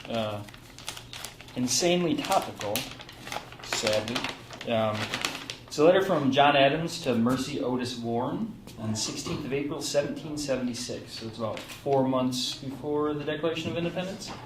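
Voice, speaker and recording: A man casually introducing a reading at a live event, chatty and halting with many ums and asides. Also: mid-range voice, slight background noise. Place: small theatre stage with audience. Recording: roomy live room, mic at a distance.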